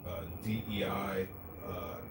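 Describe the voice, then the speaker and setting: Low-voiced man lecturing on a stream. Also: steady tone, takes it slowly. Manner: lecturing, hesitant with fillers. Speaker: stream host. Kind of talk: political talk stream. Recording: echoey, distant, faint noise.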